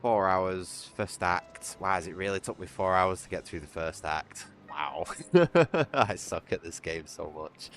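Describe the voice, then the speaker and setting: A man's voice: low-pitched, lively intonation, measured pace, hardly any pauses, fairly bright tone. A British man chatting casually on his gaming livestream, rambling with restarts and little chuckles. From Britain. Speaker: streamer.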